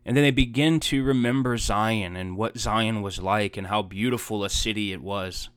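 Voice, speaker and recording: Low, smooth-voiced earnest male preacher. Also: normal speed, fairly bright tone, no room sound. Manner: earnest, heartfelt preaching with rising emphatic repetitions. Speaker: pastor. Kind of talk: sermon.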